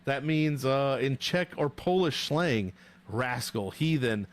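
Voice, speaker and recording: A young man at a home streaming desk talks straight into his microphone, chatting loosely with his viewers. He jokes, swears freely and riffs in animated banter, his voice sitting at an ordinary mid pitch for a man. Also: slow pace. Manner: profane, joking, animated banter. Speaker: livestream host rating fighter nicknames. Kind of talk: casual livestream chat with viewers.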